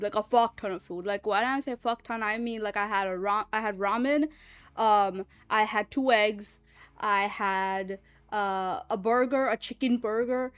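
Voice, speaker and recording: A woman's voice: fairly high pitch, pushed and bright, no echo. A woman streamer in casual livestream chat, rambling and chatty and swearing freely.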